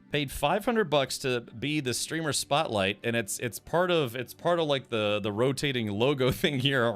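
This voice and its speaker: A male streamer talks casually over a live game session, his pitch bouncing around freely. He rambles, restarts his sentences and answers chat as he goes. Faint game music plays underneath. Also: fairly bright tone, clear, resonant tone.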